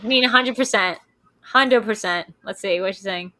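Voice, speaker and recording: A woman's voice: mid-range voice, moderate pace, bright, forceful tone. A woman from the US East Coast hosting a casual live-stream chat, rambling and self-deprecating as she reads the chat aloud. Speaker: host.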